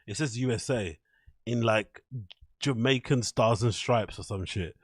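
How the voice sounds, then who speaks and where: A man's voice: mid-range voice, unhurried, no echo, clean studio sound. A man hosting a casual commentary show, swearing freely, laughing often and talking to his chat viewers. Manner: crude, swearing, laughs a lot; chats to live chat viewers. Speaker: show host. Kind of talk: casual commentary on online clips.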